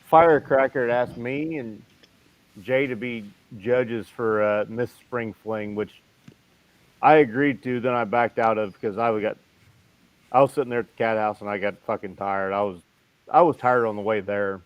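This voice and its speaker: Biker host, casual and profane storyteller, lo-fi sound. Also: male voice, mid-range voice, moderate pace, no room sound. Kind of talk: casual group chat.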